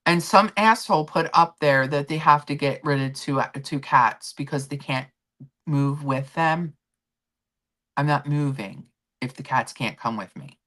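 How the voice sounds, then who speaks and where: Low-voiced chatty woman streamer. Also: measured pace, fairly bright tone. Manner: chatty, rambling, reads and answers chat comments. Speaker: livestream host. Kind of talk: casual chat with viewers.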